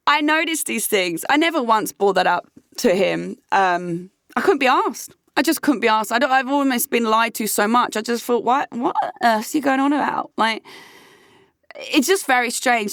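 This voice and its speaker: A woman's voice: a little high, fairly bright tone, dry recording, studio quality. A young British woman giving candid, sweary personal advice in a conversational vlog. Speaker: vlogger.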